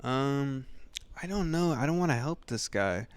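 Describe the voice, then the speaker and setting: A man playing along in a comedic improvised game, talking hesitantly with many halting restarts. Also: medium pitch, lively intonation, smooth, no echo. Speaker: player.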